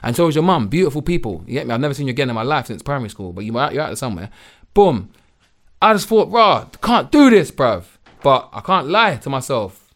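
A man's voice: mid-range voice, quick pace. A young man, chatting animatedly as a podcast guest and using lots of slang. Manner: animated, slangy, repeats "bruv". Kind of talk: casual chat.

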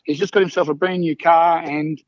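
A man's voice: a little high, fairly even intonation, a little fast, dry recording, lo-fi sound. An Australian man telling stories in a casual interview, blokey, calling everyone mate, with many restarts. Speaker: interview guest. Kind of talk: casual storytelling chat.

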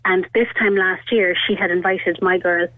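A woman's voice: lowish voice, fairly even intonation, normal speed, no echo. An Irish woman in her thirties rambles through a personal story, her talk full of little fillers. Her voice comes down a tinny, narrow phone line. The sound is dry and close. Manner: chatty and rambling, full of "like" and "you know". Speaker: radio caller. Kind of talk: telling a personal story on a call-in show.

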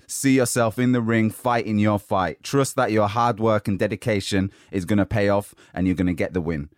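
A man hosting a motivational podcast, giving an upbeat, energetic pep talk while slightly out of breath. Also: lowish voice, no echo, studio quality. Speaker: podcast host.

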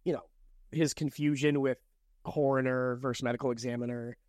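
Man co-host, casual book chat, relaxed, chatty, dry close sound. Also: medium pitch, fairly quick, no room sound. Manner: relaxed, chatty, laughs often. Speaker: podcast co-host.

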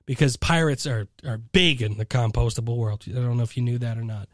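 A man's voice: medium pitch, fairly even intonation, a little fast, few pauses, no echo, studio quality. Sarcastic rambling man reading news. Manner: rambling and sarcastic, swears, many fillers and restarts. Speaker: podcast host reading news. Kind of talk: casual comedic news commentary.

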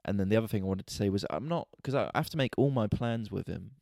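Sweary man ranting, low mellow voice. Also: fast talker, gravelly, no echo, studio quality. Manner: sweary, exasperated, animated storytelling. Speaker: podcast host and stand-up comedian. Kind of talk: casual ranting monologue.

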